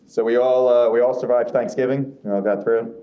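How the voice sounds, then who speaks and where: A man doing a stand-up comedy set on a club stage, telling stories with animated delivery and acting out the voices of the people in them. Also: medium pitch, fairly quick, highs cut off. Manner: animated storytelling, acts out quoted voices. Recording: roomy club sound with crowd laughter.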